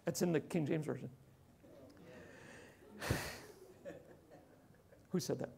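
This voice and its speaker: A man preaching a sermon as pastor, conversational, swinging from loud emphasis to hushed tones. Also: fairly high pitch, slow pace, gravelly.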